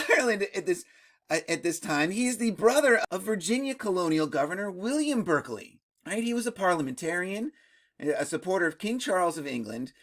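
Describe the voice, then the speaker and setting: Host for a casual history explainer: keeps asking "right?", laughs a lot, bursts up in pitch when amused, middle-pitched voice. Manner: tags sentences with "right?", laughs often.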